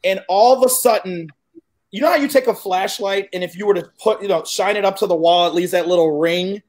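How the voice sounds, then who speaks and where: A man in his forties from Chicago, a guest telling a story in casual, animated chat, cursing freely and acting out what people said. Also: high voice, a little fast. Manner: animated, profane, acts out quoted dialogue.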